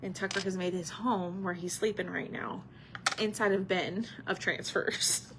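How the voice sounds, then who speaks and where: A woman's voice: mid-range voice, steady tone, unhurried, fairly bright tone, a little hiss or hum. A woman hosting a live craft stream, chatting casually with viewers and answering their comments while she paints.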